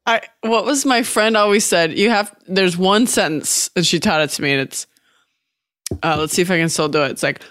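A woman's voice: lowish voice, normal speed, a bit bright, dry recording, studio quality. A woman co-hosting a podcast in casual chat, teasing her partner and laughing often. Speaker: podcast co-host.

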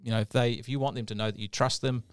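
A man's voice: medium pitch, steady tone, quick pace, smooth, no room sound, clean studio sound. A man co-hosting a podcast, telling a story in a rambling, casual way with many fillers. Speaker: podcast co-host.

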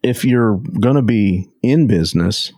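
A man's voice: on the low side, animated, a little slow, dark tone, no echo. A man co-hosting a podcast, explaining his view steadily and checking in with his listeners. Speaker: podcast co-host. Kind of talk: casual podcast chat.

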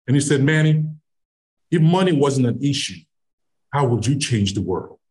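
A middle-aged Nigerian man, appearing as a podcast guest, tells a personal anecdote at normal speed in a mid-range voice. He's an animated storyteller who acts out the quoted dialogue.

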